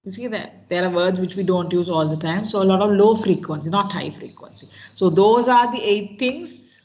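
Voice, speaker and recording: A woman's voice: medium pitch, moderate pace, darkish tone, dull audio, slight background noise. Sri Lankan woman teaching an exam class. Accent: Sri Lankan English. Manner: instructive, checks in with frequent "right?". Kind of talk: online class lecture.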